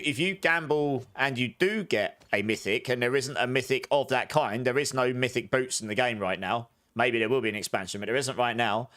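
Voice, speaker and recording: A man streaming a game and chatting with live viewers, talking loudly with audible breaths between sentences into a high-gain desk mic. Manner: rambling, self-correcting chatter. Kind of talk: casual chat with live viewers. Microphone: desk studio mic with high gain. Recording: clear background noise.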